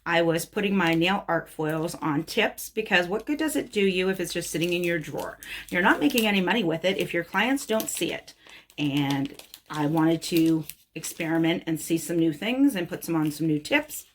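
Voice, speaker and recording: A woman's voice: lowish voice, lively intonation, normal speed. Chatty blunt woman nail tech. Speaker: nail technician. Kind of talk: casual product haul talk.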